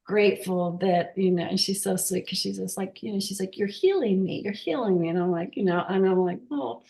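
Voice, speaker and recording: Halting, heartfelt woman in an echoey room. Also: mid-range voice, fairly even intonation, gravelly, dark tone. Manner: emotional, halting, many restarts. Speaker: workshop participant sharing a story. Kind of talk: casual testimonial. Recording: roomy echo.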